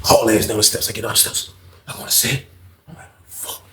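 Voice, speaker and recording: In an echoey room with a noisy background, a man with a lowish voice rattles off a storytime tale rapid-fire. He hosts a storytelling channel and plays out each character's lines in shifting voices, using heavy slang and profanity with animated energy.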